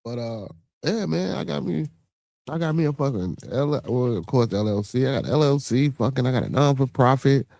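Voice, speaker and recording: A man's voice: mid-range voice, expressive, normal speed, creaky, darkish tone, no room sound, clean studio sound. A man with a Chicago accent hosting a podcast, giving blunt, profane money advice in casual chat and often restarting his words. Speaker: podcast host.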